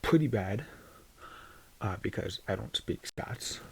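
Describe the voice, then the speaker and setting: A man chatting casually to his YouTube audience in a soft-spoken, rambling, self-deprecating way. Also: on the low side, expressive, takes it slowly, creaky, slight background noise. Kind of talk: casual vlog chat.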